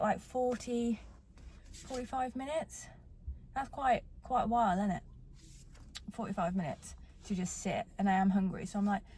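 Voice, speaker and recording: A woman's voice: mid-range voice, darkish tone, a little hiss or hum. Chatty young Englishwoman vlogging after a race. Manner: chatty, rambling, cheerful self-talk. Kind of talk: casual vlog chat. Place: car park after a race.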